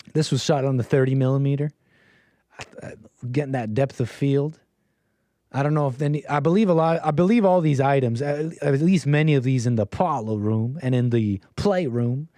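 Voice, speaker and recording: A man's voice: mid-range voice, dark tone, no room sound, clean studio sound. Rambling male livestream host. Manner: meandering, full of fillers and restarts, laughs often. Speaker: livestream call-in show host. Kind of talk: casual rambling monologue to chat.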